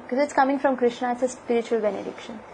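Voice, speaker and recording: A woman giving a devotional lecture, telling a scripture story in a lively way and asking her listeners questions. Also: fairly high pitch, racing, slight background noise, poor audio. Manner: animated storyteller, asks the audience questions. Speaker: spiritual lecturer.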